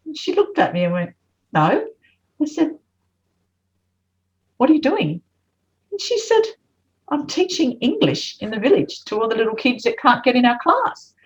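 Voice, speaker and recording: An Australian woman, appearing as a guest, tells a story in conversation and animatedly acts out the voices of the people in it. Her voice is a little high, her pace normal, and she pauses often. The recording sounds dull and lo-fi.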